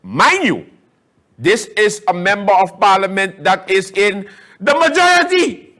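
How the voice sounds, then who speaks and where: Emphatic, sarcastic talk-show host. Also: male voice, high-pitched, sing-song, a little slow, sharp tone. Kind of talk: casual political commentary.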